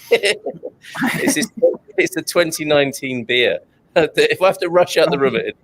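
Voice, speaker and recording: A man's voice: on the high side, lively intonation, a little slow, creaky, a bit bright. A man hosting an online chat show over a video call, joking, reading out chat comments and laughing often. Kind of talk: casual banter on a video call.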